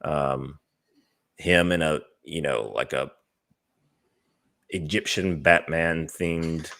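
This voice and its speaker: A man co-hosting a podcast, chatting casually about movie trailers with a relaxed, hesitant delivery full of fillers. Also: rumbling low, takes it slowly, creaky. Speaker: podcast co-host.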